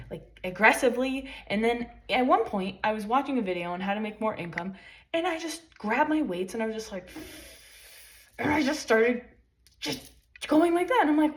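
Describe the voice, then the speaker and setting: A woman's voice: mid-range voice, normal speed. A woman vlogger giving a rambling, emphatic motivational talk full of swearing. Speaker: spiritual vlogger. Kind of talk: casual motivational monologue.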